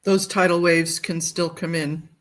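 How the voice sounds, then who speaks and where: Slow, chatty livestream host. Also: mid-range voice, little pitch movement, a bit bright. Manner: unhurried, chatty, thinks aloud while fumbling with files. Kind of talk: casual livestream chat.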